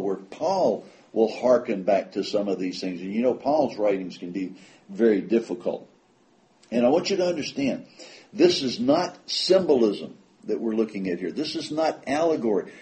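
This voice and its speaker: A man preaching a sermon to his congregation in a conversational way, slowing down and leaning hard on the scripture he quotes. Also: medium pitch, dark tone. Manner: slows down and leans on quoted scripture for emphasis; conversational, with fillers and repeated words. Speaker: pastor.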